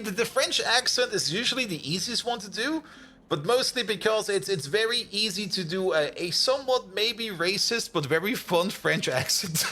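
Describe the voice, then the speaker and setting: A male game streamer chats through his session in a lively, up-and-down voice, often breaking into laughter. His tone is high and bright as he teases and comments casually. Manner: chatty, laughs often, teasing.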